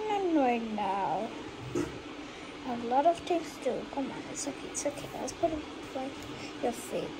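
High-voiced woman in noisy pretend play. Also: moderate pace. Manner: switches between soft whispers and excited high calls. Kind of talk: family pretend play acting out several characters.

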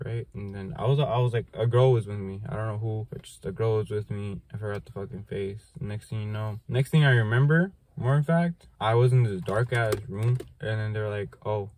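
A man's voice: on the low side, a little mellow. Rambling young guy swearing through a story. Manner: rambling, swears constantly, fills with "like". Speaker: vlogger. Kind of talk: casual storytelling. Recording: noisy outdoor traffic in background.

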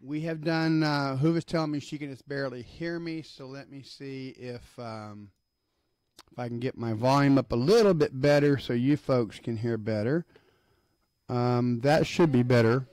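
Friendly Southern US man hosting a live stream, easy laugh, middle pitch, dry close mic. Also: normal speed, darkish tone, dry recording. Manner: chatty and upbeat, laughs easily, lists greetings to viewers. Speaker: host of an online book-reading broadcast. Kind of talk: casual live-stream talk.

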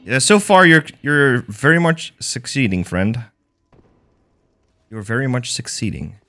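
A man's voice: medium pitch, sing-song, measured pace, pushed and bright. A man streaming a game, casually commentating in a playful, self-mocking way with swearing.

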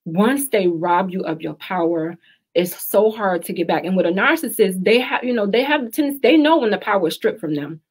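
A woman's voice: medium pitch, expressive, fairly quick, slightly rough. A woman hosting a live radio talk show, speaking candidly and emphatically, repeating her advice for stress.

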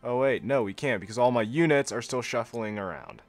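A young man giving casual, sarcastic gameplay commentary as a video host, often laughing at himself and going deadpan when joking. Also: mid-range voice, brisk, faint music behind. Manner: flat monotone when joking.

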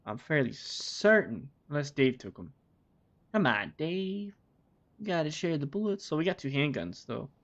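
Game streamer, male, gravelly, rambling and profane, dull lo-fi mic. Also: fairly high pitch, very animated, a little fast, few pauses. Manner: rambling, swearing, talks to himself. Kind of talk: casual gameplay commentary. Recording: dull lo-fi recording.

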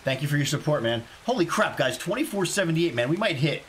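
A man from South Carolina streaming a survival game live, chatting excitedly and greeting viewers by name. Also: on the high side, quick pace, slight background noise. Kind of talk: casual live game commentary.

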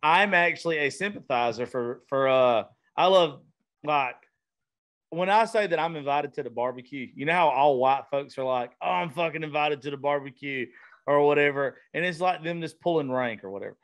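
A man's voice: fairly high pitch, lively intonation, normal speed, a bit bright. Blunt, profane Southern man hosting. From Southern United States. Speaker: podcast host. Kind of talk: casual chat. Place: vintage-themed studio.

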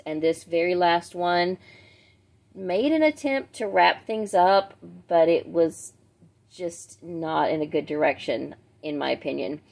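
In a dry recording, a book vlogger with a low, creaky, dark-toned voice chats casually through a book unboxing. Titles get read aloud, and she throws in friendly asides asking viewers to help her pronounce them.

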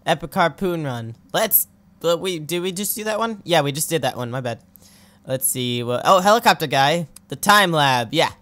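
Bright-voiced excitable let's-play gamer. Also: medium pitch, normal speed. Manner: excitable, yelps and laughs at in-game deaths; playful, talks to the game characters. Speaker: gaming channel host.

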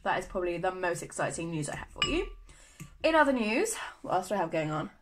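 A woman's voice: lowish voice, very animated, fast talker, noisy background. A young woman from the UK chatting to camera in a vlog, gushing and full of fillers. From United Kingdom. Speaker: vlogger. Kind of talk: casual chat to camera.

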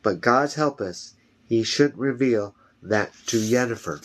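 A man reading a fantasy novel aloud at home, steady with small slips and corrections. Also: mid-range voice, measured pace, noisy background. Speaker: reader.

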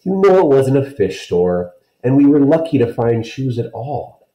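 A man voicing a patient, gentle mother in a storybook reading, speaking soothingly. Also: medium pitch, sing-song, normal speed, roomy sound, voice pushed up. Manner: soothing, explaining.

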